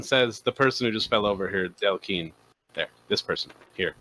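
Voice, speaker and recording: A man's voice: fairly low pitch, moderate pace, bright, forceful tone, poor audio. A man chatting casually as a player in a tabletop game.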